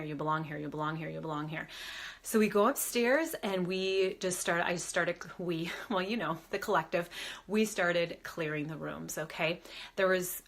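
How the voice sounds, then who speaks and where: A woman working as a medium, casually telling a story to a live audience, chatty and lively, acting out quoted voices. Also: on the low side. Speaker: medium and spiritual advisor.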